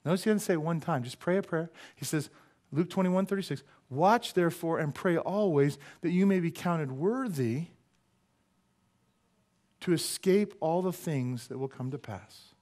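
Pastor, male, high voice, jokey animated sermon delivery in church. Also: moderate pace. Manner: animated, joking, rhetorical questions. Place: church sanctuary.

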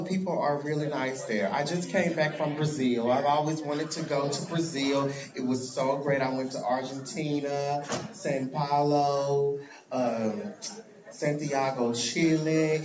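A man's voice: mid-range voice, fairly even intonation, a little slow, crowd noise. Drag performer guy chatting w fans, laughs a lot, echoey muffled room sound. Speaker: drag performer answering fan questions. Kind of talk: casual live Q&A. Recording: echoey, dull live-stream audio.

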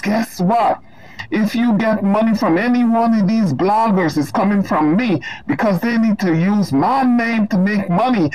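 A woman imitating a scheming woman in a deep, sinister tone, lecturing someone smugly. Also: darkish tone, lightly acted, rough recording.

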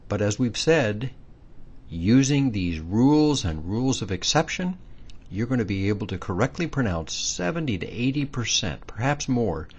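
A man with a low, slightly husky voice teaches a pronunciation lesson. He sets out each rule and its exceptions patiently and methodically, stressing the words that matter. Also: big pitch swings, normal speed. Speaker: language teacher. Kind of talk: explanatory lesson.

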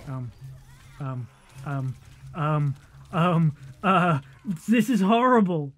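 A man's voice: fairly high pitch, expressive, extremely slow, a bit bright. A man giving live, jokey commentary while he plays a video game, exclaiming and laughing often. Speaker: game streamer.

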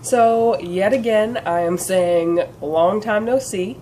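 A woman chats directly to the camera in a casual vlog, earnest and encouraging, her voice congested and nasal from a sinus problem. She speaks slowly in a mid-range, dark-toned voice, sprinkling in plenty of "um" and "you know." There's slight background noise.

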